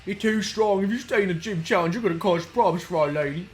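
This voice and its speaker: A man's voice: high-pitched, fast, soft background music, natural voice. A man voicing a dim, rude male gang grunt in a made-up British accent, brash and taunting. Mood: threatening. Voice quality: rude, dumb-sounding.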